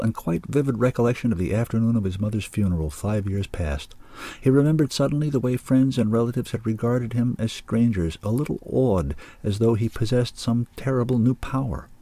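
A man narrating an audiobook in a measured, deliberate way. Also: medium pitch, mellow, no echo.

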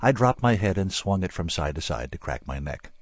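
Brief: male audiobook narrator, low, husky, animated, dry close mic. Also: brisk, no echo. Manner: dry, wry storytelling.

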